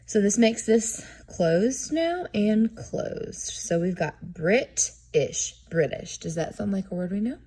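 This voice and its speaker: Woman teacher with a mellow, slightly husky voice, guiding a class through a lesson one step at a time. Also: medium pitch, lively intonation, slow pace, few pauses. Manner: step-by-step, modeling each step aloud. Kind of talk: classroom instruction on syllabication.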